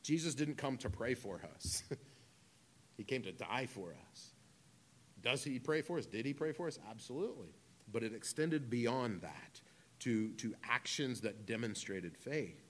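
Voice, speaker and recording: A man's voice: mid-range voice, lively intonation, unhurried. A man in his thirties preaching a conversational sermon, with humorous asides and casual phrasing. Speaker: pastor.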